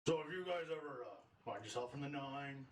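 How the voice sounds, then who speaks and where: A man's voice: medium pitch, lively intonation, fairly quick, natural voice. A man voicing a friendly male fire demon who rambles and drops fillers, heard on a distant, echoey mic with noise behind. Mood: affable.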